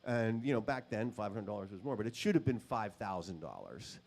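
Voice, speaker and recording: With a lowish, darkish voice that swings widely in pitch, this male session guitarist talks a little fast as he shares anecdotes at a guitar clinic. He pokes fun at himself, uses plenty of fillers, and acts out quotes.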